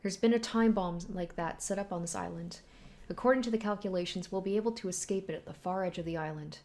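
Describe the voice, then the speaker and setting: A woman's voice: medium pitch, quick pace, a little mellow, natural voice. A woman reading the lines of a proud, commanding female witch from a manga in a haughty, grand manner.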